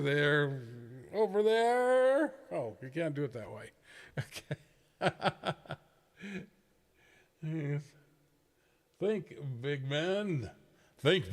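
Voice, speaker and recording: Guy running a ham radio net stream, laughs a lot, kinda high voice, echoey room. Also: vocal fry. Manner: chuckling, rambling, self-deprecating. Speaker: net host and livestreamer. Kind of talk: casual livestream chat.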